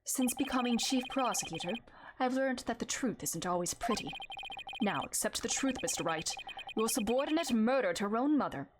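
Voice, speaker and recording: A woman's voice: on the high side, animated, noisy background, lightly acted. A woman reading as a stern chief prosecutor. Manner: measured, formal. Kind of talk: reading game dialogue aloud. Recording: loud game music behind.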